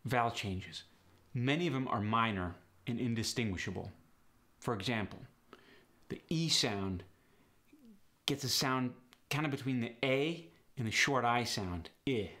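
A man working as an accent coach, briskly explaining pronunciation changes in a matter-of-fact instructional style. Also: mid-range voice, pushed and bright.

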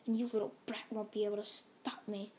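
A woman voicing a cruel, mocking male alien villain in a quiet, sneering tone. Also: medium pitch, little pitch movement, brisk, a little hiss or hum, lightly acted.

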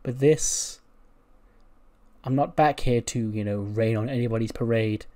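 A veteran female wrestler lectures a younger champion in a wrestling game story, voiced by a man. She rambles and hesitates, leaning on "you know", in a mellow, even voice. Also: medium pitch, measured pace, lightly acted. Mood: earnest.

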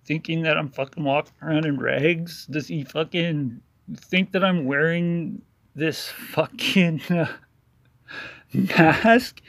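Gravelly, profane ranting man. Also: on the high side, slow pace, fairly bright tone, no echo. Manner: angry, sarcastic, heavy swearing. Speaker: YouTuber narrating over a video. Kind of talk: profane ranting voice-over commentary.

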